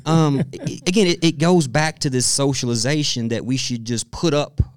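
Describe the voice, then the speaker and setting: A middle-aged man with a smooth, resonant voice, sitting in as a guest on a podcast. He tells stories in an animated, chatty way, slipping into laughter often. His voice sits at an everyday pitch, recorded close and dry. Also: normal speed, no room sound. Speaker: guest expert. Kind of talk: podcast interview conversation.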